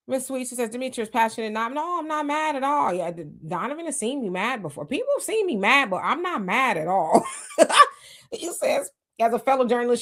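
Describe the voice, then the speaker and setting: Woman host reading live chat aloud, casual, quick to react, restarts often. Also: on the high side. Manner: chatty, greets commenters, frequent restarts and laughs.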